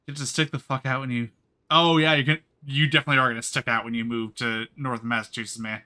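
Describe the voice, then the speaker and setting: A man's voice: medium pitch, little pitch movement, quick pace, pushed and bright. Chatty American man with a slight twang. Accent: American with a slight rural twang. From United States. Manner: rambling, chatty, full of "like". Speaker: streamer. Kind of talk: casual gaming commentary.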